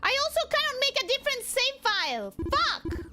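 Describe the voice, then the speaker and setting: A woman streaming a video game and talking through it live, excitable and swearing, often repeating herself. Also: very high-pitched, normal speed, loud music behind the voice. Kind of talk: live gameplay commentary.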